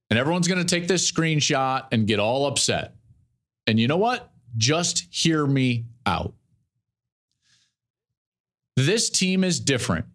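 A man in his forties hosting a college football podcast, talking emphatically, repeating phrases and swinging his pitch widely for emphasis. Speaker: podcast host. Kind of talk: animated sports commentary monologue.

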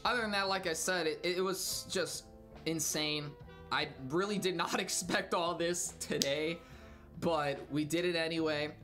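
A man hosting an anime reaction video, talking casually with slang, shouting out in surprise and sometimes falling to a hushed whisper. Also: a little high, fairly even intonation, unhurried, soft background music. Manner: casual and slangy, exclaiming loudly then dropping to hushed whispers. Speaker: host.

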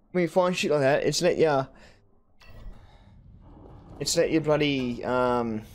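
Ranting man gaming. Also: fairly high pitch. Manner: swearing, ranting, excitable outbursts. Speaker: gaming streamer. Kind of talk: let's play commentary.

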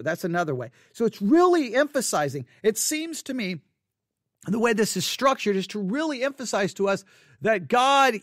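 Man, high voice, Bible teacher, casual word study, repeats himself, dry close sound. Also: fairly bright tone, no room sound. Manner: thinking aloud, repeating words, restarts.

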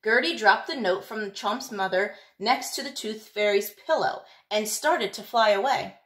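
A woman teacher reading a picture book aloud, in an expressive, lilting storytelling manner. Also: mid-range voice, measured pace.

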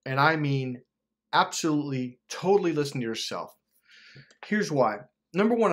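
A man's voice: fairly high pitch, a bit bright. A man in his forties delivering an intense, profane motivational monologue about trusting your gut. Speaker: motivational speaker.

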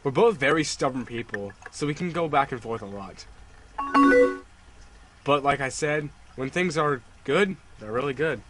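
A calm, guarded young college woman speaks in a flat, level reading, as a man reads her lines aloud. Her tone stays plain and even. Music plays underneath. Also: mid-range voice, normal speed, lightly acted, rough recording. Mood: defensive.

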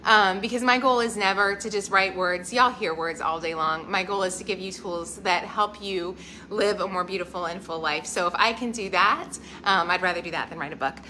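A woman's voice: medium pitch, moderate pace, bright, forceful tone, slight background noise. A woman, hosting a home channel live stream from her kitchen and gushing thanks to viewers by name. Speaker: lifestyle channel host.

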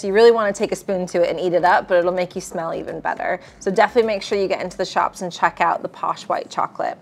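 A woman presenting gift products, bubbly and gushing over how cute and delicious everything is. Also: medium pitch. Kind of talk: enthusiastic product showcase.

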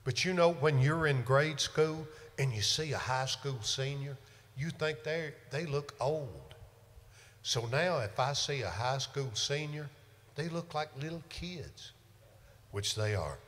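A man's voice: medium pitch, animated, a little slow, fairly bright tone. An older man, a singer hosting a livestream show and telling folksy, joking stories between songs. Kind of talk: casual banter between songs. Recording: reverberant room with music.

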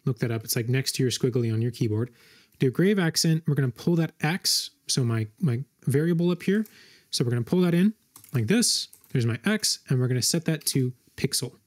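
A man hosting a coding tutorial, thinking aloud as he types, with frequent fillers and quick self-corrections. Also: mid-range voice, darkish tone. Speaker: web design tutorial host. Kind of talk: screen-recorded coding walkthrough.

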